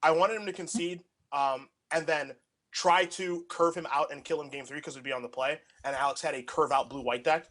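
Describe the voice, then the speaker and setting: Young man, casual chat, rambling, filler-heavy, slightly high-pitched. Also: fairly even intonation, fairly quick, a bit bright. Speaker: podcast co-host.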